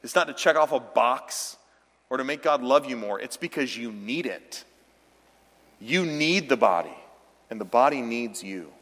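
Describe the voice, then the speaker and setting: A man's voice: medium pitch, expressive, measured pace, a bit bright. Emphatic male pastor in a reverberant church. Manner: emphatic, direct exhortation. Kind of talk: sermon. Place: church sanctuary. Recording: long reverb of a large church hall.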